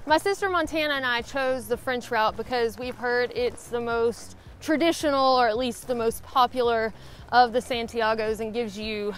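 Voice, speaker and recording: A woman's voice: a little high, normal speed, a little hiss or hum. A woman from Alabama with a Southern accent, chatting in a casual vlog while hiking a rural trail. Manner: chatty, upbeat. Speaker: vlogger.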